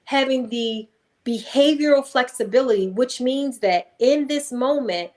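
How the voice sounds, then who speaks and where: Emphatic woman, slightly high voice. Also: a little slow. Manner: calm, emphatic, acts out voices in anecdotes. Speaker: guest hypnotherapist. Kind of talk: conversational interview storytelling.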